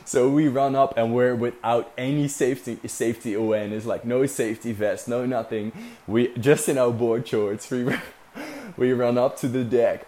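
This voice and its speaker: A man's voice: medium pitch, mellow. Rambling young man telling a story. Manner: rambling, lots of fillers, swearing, laughs while telling. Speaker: vlogger recounting a sailing trip. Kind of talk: casual storytelling.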